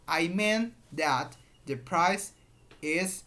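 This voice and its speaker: Slow teacher. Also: medium pitch, lively intonation. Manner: repeats patterns, explains with examples. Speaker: English teacher. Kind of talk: grammar lesson.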